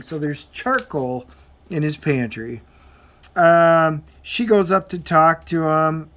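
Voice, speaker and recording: A man giving a casual comic book review as he flips through the pages, rambling and halting with plenty of filler words. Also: on the high side, a bit bright. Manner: rambling, halting, full of um and you know.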